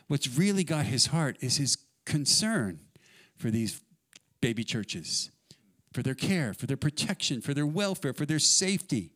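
Man preaching, scripture read with emphasis. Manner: reads scripture loudly and with emphasis, asides in a lower voice; mixes scripture reading with casual, joking explanation. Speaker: pastor. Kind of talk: sermon.

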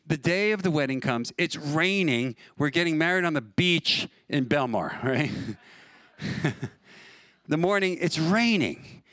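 A man's voice: fairly high pitch, lively intonation, measured pace, a bit bright, dry recording. A middle-aged man from New preaching a sermon as pastor, conversational and storytelling, often laughing at his own stories.

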